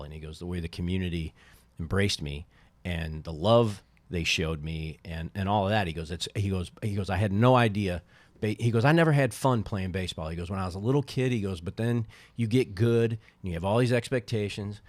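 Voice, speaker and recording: Man, middle-aged, low voice, dry close sound, animated storyteller. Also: dry recording. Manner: animated storyteller, quotes others in lively bursts. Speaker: podcast guest, former baseball team owner. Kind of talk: casual storytelling chat.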